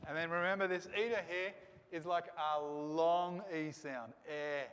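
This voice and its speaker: High-pitched male teacher, encouraging and question-led, reverberant hall sound. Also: steady tone, unhurried, a bit bright. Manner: encouraging, asks questions and coaxes students. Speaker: Greek teacher. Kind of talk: classroom teaching.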